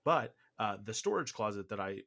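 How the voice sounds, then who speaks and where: A man's voice: lowish voice, sing-song, brisk, bright, forceful tone. A young man co-hosting an improvised comedy podcast, rambling and laughing, often cutting himself off, a bit out of breath. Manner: rambling, self-interrupting, laughing. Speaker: co-host.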